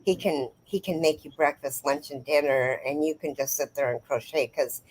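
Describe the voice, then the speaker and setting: A woman's voice: sits low, normal speed, slight background noise, rough recording. A middle-aged woman hosting a live crochet stream, chatting casually and answering viewers by name in a rambling, friendly way. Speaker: crochet livestream host. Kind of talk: casual live chat reading comments.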